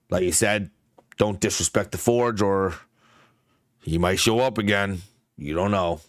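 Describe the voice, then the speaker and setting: A wry, easygoing mentor grumbles through his advice in an offhand, rambling way, voiced by a man. His voice sits fairly low and the sound is dry and close, as in a tabletop game. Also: no echo.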